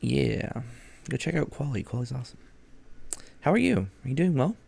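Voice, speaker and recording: A man's voice: mid-range voice, very animated, normal speed, vocal fry, a little mellow, slightly rough. A man streaming a game, chatting casually and easygoingly with viewers. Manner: easygoing, chatty, hums to himself. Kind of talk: casual gameplay chat. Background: music.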